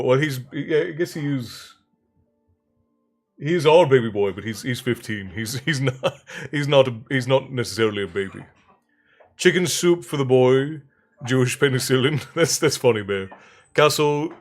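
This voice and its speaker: A man hosting a livestream, chatting in a rambling, friendly way with viewers between stretches of reading aloud. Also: mid-range voice. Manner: rambling, chatty, greets viewers warmly by name. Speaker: livestream storyteller and host. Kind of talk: casual livestream chat and book reading.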